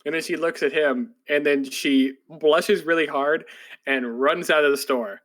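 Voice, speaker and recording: A man with a slightly raised voice talks through a story in a loose, rambling way. He leans on "like" constantly while chatting on a podcast. When he quotes characters, he jumps into excitable, breathless put-on voices. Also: on the high side, unhurried. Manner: rambling, filler-heavy storytelling with many "like"s. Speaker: podcast co-host. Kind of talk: casual chat retelling an anime plot.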